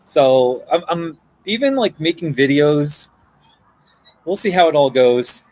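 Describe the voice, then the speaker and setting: A man's voice: fairly high pitch, expressive, takes it slowly, a little mellow, rough recording. A man chatting casually on a live stream from a coffee shop, rambling and answering viewer comments. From Colorado.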